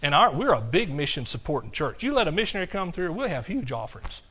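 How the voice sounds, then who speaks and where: Preaching in church, a man with a somewhat high voice for his sex moves quickly between loud outbursts and hushed asides in a folksy, lively way. His breathy-edged delivery comes through a dull, lo-fi recording.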